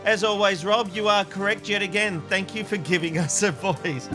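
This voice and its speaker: A man's voice: high-pitched, fairly even intonation, moderate pace, over music. An Australian man co-hosting a casual panel chat, reading out viewer comments with a playful manner and frequent laughs. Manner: playful, laughs often, restarts lines. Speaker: co-host reading viewer feedback.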